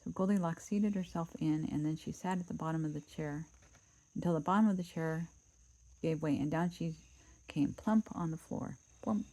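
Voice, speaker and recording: A woman casually reading a children's storybook aloud, relaxed and chatty, dropping in asides and cutting the story short. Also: sits low, moderate pace, poor audio.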